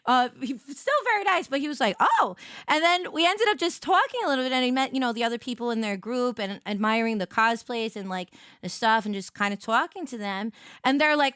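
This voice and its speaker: Chatty young woman with a high voice. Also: normal speed, smooth, no room sound, studio quality. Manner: animated storytelling, jumps high to greet chat. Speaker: VTuber streamer. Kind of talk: casual chat.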